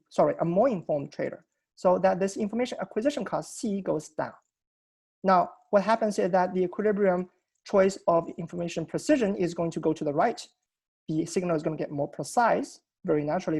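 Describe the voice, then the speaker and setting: A man's voice: high-pitched, creaky, a little mellow, husky. A man giving an academic seminar talk over a video call, explaining technical points methodically and often restarting his sentences. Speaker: presenter.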